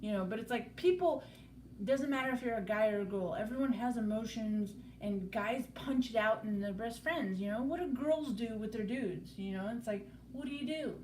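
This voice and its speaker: A woman's voice: on the high side, normal speed, darkish tone. A woman on a live stream chatting casually, rambling and swearing freely, circling back to "you know, it's like". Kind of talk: casual chat. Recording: roomy, distant mic, faint background noise.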